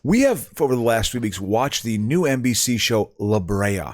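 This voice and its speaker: A man's voice: mid-range voice, expressive, moderate pace, a little mellow, no echo. A man co-hosting a podcast in casual chat, rambling and self-mocking as he explains a show. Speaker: podcast co-host.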